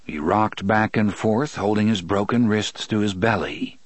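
A man narrating an audiobook in a measured, even storytelling manner. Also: on the low side, no echo. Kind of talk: scripted narration.

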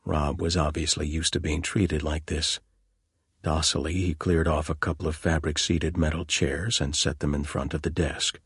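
A man narrating an audiobook in a very deep voice with a husky grain. The delivery is measured and even, recorded dry and close. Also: dry recording. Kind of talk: scripted narration.

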